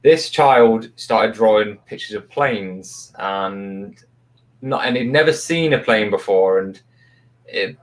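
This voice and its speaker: A man's voice: fairly low pitch, slow. Rambling man on a video call. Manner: rambling, many fillers and restarts. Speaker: co-host of a live paranormal show. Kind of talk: casual livestream chat, telling a story.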